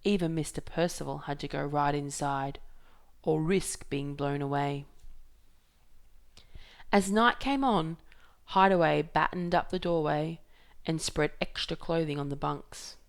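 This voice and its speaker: A woman reads a novel aloud in a measured, even storytelling way. Her voice sits low, with a gravelly edge, and she takes her time. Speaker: reader.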